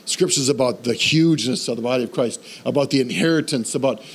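A man preaching a sermon in a church, animated and conversational, asking the congregation questions. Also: mid-range voice, quick pace, husky. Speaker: pastor.

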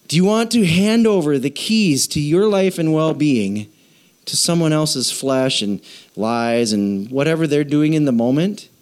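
A man, a pastor, preaching a sermon in a playful way, acting out little dialogues in quick voices. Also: a little high, expressive, darkish tone.

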